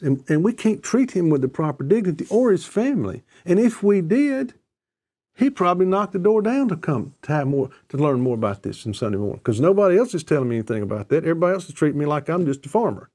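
Man, mellow warm voice, earnest storyteller, repeats phrases for emphasis, conversational discussion. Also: a little high, sing-song, fast talker. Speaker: discussion guest.

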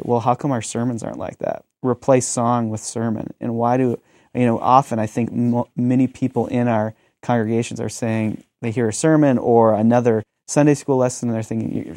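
Thirties male pastor, earnest and reflective, warm dark tone, dry studio sound. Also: mid-range voice, dry recording. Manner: earnest, storytelling, frequent "um". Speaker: pastor and teacher. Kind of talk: conversational reflection on ministry.

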